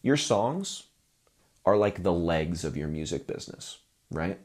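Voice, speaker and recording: A man's voice: deep voice, very animated, measured pace, a little mellow. A man coaching musicians in a conversational, self-deprecating talking-head video, often checking in with "right?".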